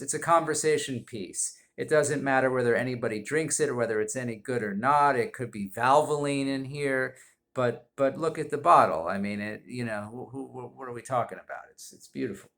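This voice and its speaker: A man giving a comedic whisky review at home, rambling and deadpan, halting often with fillers. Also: medium pitch, gravelly. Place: indoors at home.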